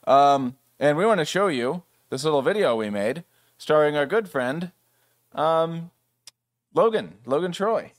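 A man's voice: fairly high pitch, lively intonation, measured pace, dry recording. A man casually presenting at a developer meetup, rambling a bit with fillers.

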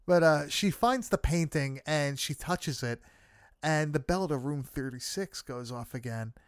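A man's voice: fairly high pitch, expressive, a little slow, clean tone, no room sound, studio quality. A man in casual chat, recapping a film with friends, swearing freely and laughing often. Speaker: podcast co-host recapping a film.

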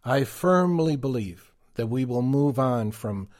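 A man co-hosting a podcast, giving prepared commentary in a deliberate, emphatic way. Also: mid-range voice, darkish tone. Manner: slow, deliberate, emphatic delivery. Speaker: podcast co-host.

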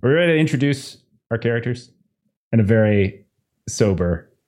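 A man's voice: medium pitch, animated, normal speed, a little mellow. A man running a tabletop game as game master, casually swearing and mock-stern with his players before reading a recap.

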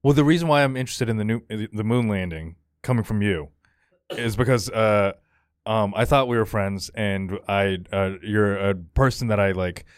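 A man co-hosting a podcast who rambles hesitantly, stopping often on "um" and "like". His voice is fairly low, and the sound is close and dry. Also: normal speed, clear, resonant tone, no room sound. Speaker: podcast co-host. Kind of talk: casual podcast banter.

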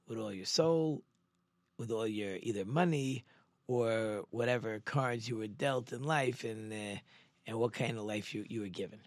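A man who is a rabbi, teaching Torah in a chatty, storytelling way and often checking in with listeners with "right?". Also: dry recording. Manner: drops into quieter, lower asides. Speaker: rabbi hosting a Torah talk show.

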